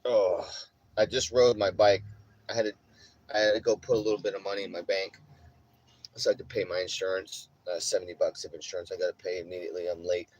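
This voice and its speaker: A man's voice: sits low, flat delivery, fast talker, darkish tone, rough recording. A man livestreaming, telling rambling stories to his chat in a casual, profane way with many restarts. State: says he has a headache.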